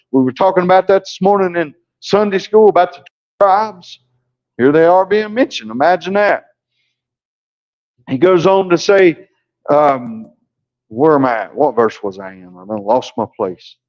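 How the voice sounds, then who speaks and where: A man's voice: sits high, lively intonation, measured pace, pauses often, a little mellow. A male pastor preaching a sermon in a church, folksy and down-home, with plain asides to the congregation. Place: church sanctuary. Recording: muffled lo-fi church recording.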